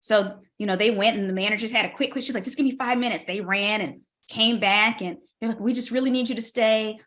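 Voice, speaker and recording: A woman guest on a podcast interview telling a personal story with lively, animated delivery and acted-out dialogue. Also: medium pitch, fairly quick. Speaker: guest, tech strategist and keynote speaker.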